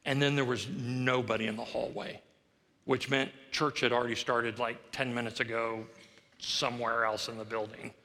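A man's voice: mid-range voice, little pitch movement, moderate pace, sharp tone. A middle-aged male pastor preaching a sermon, telling a story with humor and self-deprecation. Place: church sanctuary. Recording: long reverb of a large church hall.

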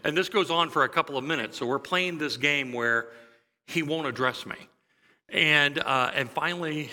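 A middle-aged pastor preaches in a relaxed, storytelling way, chuckling now and then. His voice is very bright and ringing, and it carries a long reverb from the large hall around him. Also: mid-range voice, normal speed. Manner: conversational storytelling, lively and chuckling. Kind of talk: sermon.

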